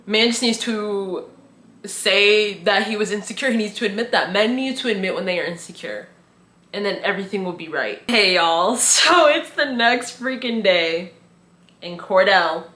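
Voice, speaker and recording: A young woman talks through a reality show recap in a chatty, opinionated way, leaning on slang and plenty of "like". Her voice is bright and sits mid-range. The room around her is noticeably echoey. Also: medium pitch. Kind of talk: casual recap commentary.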